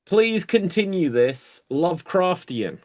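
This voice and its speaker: A man's voice: high voice, very animated, darkish tone. A man hosting an online improv show in an easygoing way, calling out games and new styles for the players. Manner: slow, easygoing, calls games.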